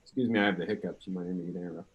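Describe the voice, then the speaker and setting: Lively older man telling his story. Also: sits low, racing, muffled recording. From California. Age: 60s. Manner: lively anecdotal storyteller, acts out quotes. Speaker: patient guest. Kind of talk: storytelling in a panel talk.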